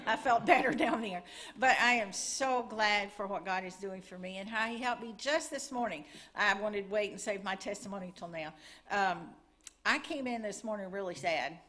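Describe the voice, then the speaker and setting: Woman, middle-aged, church testimony, earnest, chatty, a bit nervous, medium pitch. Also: normal speed, a bit bright. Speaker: church member giving a missions update. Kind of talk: testimony and missions report.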